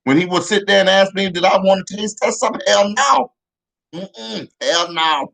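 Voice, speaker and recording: A man's voice: high-pitched, normal speed, creaky, a bit bright. A man telling comic childhood stories in a rambling, profane way with many restarts. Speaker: comedian. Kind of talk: comedic storytelling.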